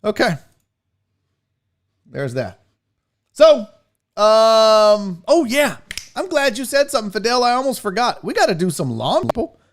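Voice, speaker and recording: High, lively-voiced man riffing on his podcast. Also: unhurried, long pauses. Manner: rambling, jokey and profane. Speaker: podcast host. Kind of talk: casual live podcast chat.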